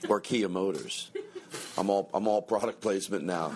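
A man hosting a comedy podcast, rambling and self-pitying, swinging into shouted rants. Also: deep voice, steady tone, moderate pace, a crowd in the background. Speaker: podcast host.

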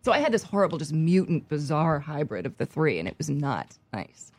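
Lively low-voiced woman chatting. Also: fairly quick, no room sound. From United States, Army bases. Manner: animated, laughs often. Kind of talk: casual chat.

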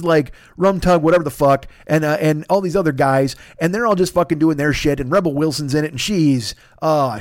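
Fast-talking profane podcast man. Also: fairly high pitch, no echo, studio quality. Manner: profane, sarcastic, ranting. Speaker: podcast host. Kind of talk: solo comedic rant.

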